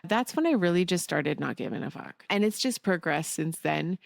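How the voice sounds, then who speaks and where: Low gravelly woman, candid podcast host. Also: expressive, normal speed, no room sound, studio quality. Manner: candid, swears casually, laughs often. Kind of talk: solo podcast monologue.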